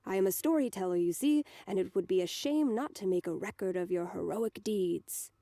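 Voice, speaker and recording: A woman reading a young man's eager bard character, a quick-talking storyteller with a slight put-on German accent. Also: medium pitch, mellow, no room sound, studio quality, natural voice. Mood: grateful.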